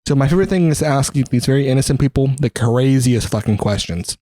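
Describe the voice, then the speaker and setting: A man's voice: medium pitch, expressive, fast talker, dark tone, no room sound. A young man co-hosting a podcast, telling stories in casual chat, laughing often and swearing a lot. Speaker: podcast co-host.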